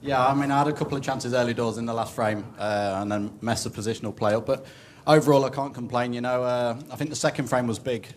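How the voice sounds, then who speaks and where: A man's voice: medium pitch, steady tone, quick pace. A man, a snooker player, chatting in a post-match interview with lots of "you know".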